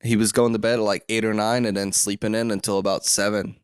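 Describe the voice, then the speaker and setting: A young man hosting a solo podcast from a room at home, rambling with lots of fillers and restarts, his throat rough and catching. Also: on the low side, little pitch movement, fast, no echo, clean studio sound. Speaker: podcast host.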